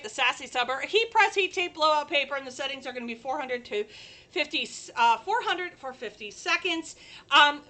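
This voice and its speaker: A woman's voice: high-pitched, pushed and bright. A woman hosting a chatty live crafting stream, bubbly and talking straight to her viewers.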